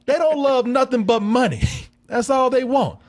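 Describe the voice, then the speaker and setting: A man hosting a casual film review, animated and profane, laughing often and acting out scenes. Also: very high-pitched, moderate pace.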